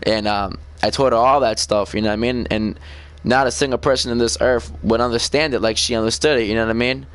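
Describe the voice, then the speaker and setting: A man's voice: mid-range voice, steady tone, fast, a bit bright, clear, resonant tone, dry recording. A man chatting in a casual, rambling way, often asking "you know what I mean" and stumbling over repeated words. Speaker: gamer vlogger. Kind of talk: casual rambling confessional chat.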